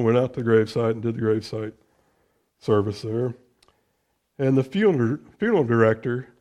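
Middle-aged male pastor, mellow voice, sermon that swings between loud scripture and soft asides. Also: medium pitch. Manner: preaching with loud rises on scripture, dropping to quiet conversational asides.

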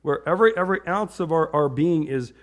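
A man delivering an informal sermon in a talkative, meandering way. His voice sits a little higher than usual for a man. He restarts his sentences and keeps checking in with the room by asking "right?". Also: expressive, brisk. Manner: chatty, tags lines with "right?"; rambling with restarts. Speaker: preacher.

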